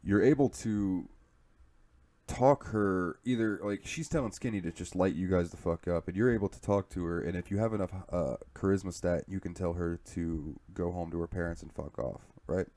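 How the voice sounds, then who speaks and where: A man's voice: low-pitched, normal speed, dark tone. A man from the southern United States co-hosting a podcast, telling a rambling and profane story in casual chat. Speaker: podcast co-host.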